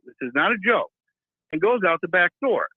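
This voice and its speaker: A man telling a wild story in a casual, profane, animated way over a remote call. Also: sits high, fairly quick, noisy background. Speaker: guest. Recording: tinny phone-like line, dry.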